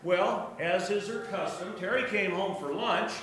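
Bright-voiced man telling a church story. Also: high voice, unhurried, slight background noise. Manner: storytelling, animated, joking asides. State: hard of hearing. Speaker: church speaker sharing a testimony. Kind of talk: church testimony to a congregation. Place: church sanctuary. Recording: echoey church room, distant mic.

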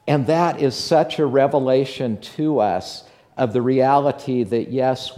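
A man's voice: mid-range voice, dark tone. A man preaching a sermon to his congregation, earnest and rising to fervent emphasis. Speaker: pastor.

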